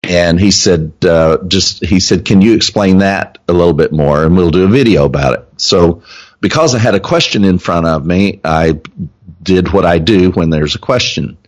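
A man with a very deep, low voice who hosts a podcast. He talks casually and haltingly, pausing on plenty of ums and uhs as he explains. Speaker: podcast host and teacher. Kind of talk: casual chat.

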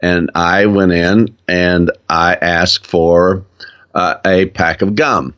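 Slow easygoing Southern man. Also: low voice, steady tone, a bit bright, clear, resonant tone, lo-fi sound. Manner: slow, easygoing, laughs often. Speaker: co-host. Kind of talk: casual chat.

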